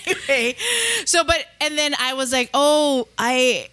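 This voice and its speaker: A woman's voice: high-pitched, a little slow. A middle-aged woman, chatting as a podcast co-host and telling stories with lots of laughter. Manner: lively storyteller, mixes Tagalog, laughs often. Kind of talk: casual chat, storytelling.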